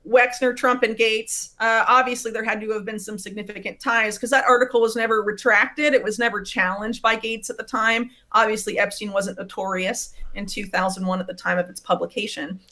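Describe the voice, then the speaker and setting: A woman's voice: medium pitch, steady tone, a little fast, few pauses, pushed and bright. A woman speaking as an interview guest and investigative writer, explaining at length with many uhs and ums. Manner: detailed, fact-heavy explaining with frequent uhs and ums. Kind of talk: remote interview.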